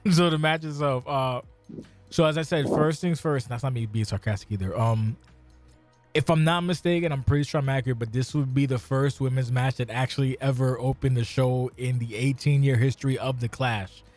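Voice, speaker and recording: A man's voice: medium pitch, a little fast, a little mellow, faint music behind. A man hosting a casual podcast chat, cursing freely and directing the order of speakers. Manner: swears freely, runs the order. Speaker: podcast host.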